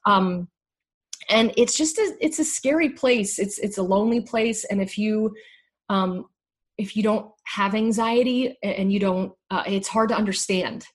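Husky middle-aged woman speaking candidly. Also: mid-range voice. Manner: candid, halting, restarts often. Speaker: guest sharing her story. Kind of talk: emotional personal conversation.

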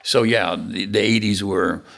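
A man's voice: on the low side, steady tone, measured pace, gravelly, fairly bright tone. An older man, a developer and podcast guest, telling rambling stories of his career and acting out old conversations. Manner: rambling anecdotes, acts out dialogue. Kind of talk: casual storytelling interview.

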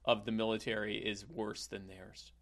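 A young man improvising a rambling comic story, full of halting restarts and playful asides. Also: fairly low pitch, flat delivery, creaky, a bit bright.

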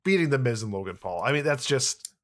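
A man's voice: medium pitch, animated, brisk. A man co-hosting a wrestling podcast in casual chat, easygoing and agreeable, often restarting his sentences.

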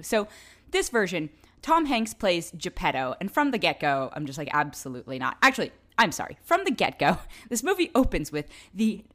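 A woman's voice: on the low side, fairly bright tone. A woman giving a casual spoken film review, candid and exasperated.

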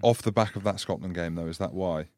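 A sports podcast co-host jumping in with fast, teasing asides. His voice is on the low side and he talks quickly. The recording is dry and close. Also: darkish tone, no echo. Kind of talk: casual chat.

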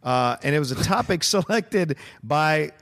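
A man co-hosting a casual movie podcast, talking in an animated, jokey and enthusiastic way. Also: on the high side, a little slow. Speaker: podcast co-host.

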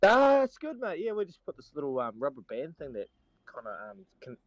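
A man's voice: on the high side, brisk, dry recording, highs cut off. A man, co-hosting a casual sports chat and telling stories with lots of laughter. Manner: animated storyteller, laughs often. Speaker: co-host, former rugby player. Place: on holiday, joining remotely.

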